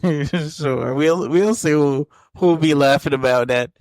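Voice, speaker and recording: A man in his forties, co-hosting a podcast with dry, reluctant, deadpan answers. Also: fairly high pitch, takes it slowly, no room sound. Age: 40s. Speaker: podcast co-host. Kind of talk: casual chat.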